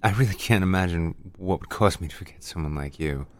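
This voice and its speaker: A man's voice: sits low, a little fast, slight background noise, close to an everyday voice. A man voicing a bewildered young man who talks in a hesitant, stammering way. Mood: flustered.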